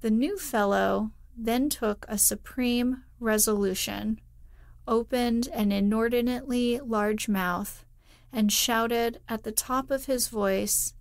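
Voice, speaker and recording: Calm woman narrator for a bedtime reading; unhurried, hushed, mid-pitched, dry studio sound. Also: dry recording. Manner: soft, hushed, drifting into whispers. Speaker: bedtime story reader. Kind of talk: slow, soothing sleep-story narration.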